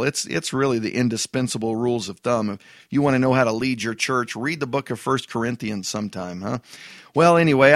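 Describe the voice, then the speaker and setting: A man, a pastor, talking through a book review in a casual, halting way, often repeating words and adding emphatic asides. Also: medium pitch, fairly bright tone, no room sound, studio quality.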